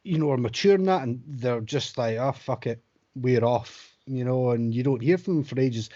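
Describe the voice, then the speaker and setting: A man's voice: mid-range voice, a little fast, warm tone, lo-fi sound. A man co-hosting a casual podcast chat, frank and sweary, who builds his points with rhetorical questions. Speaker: podcast co-host, college lecturer.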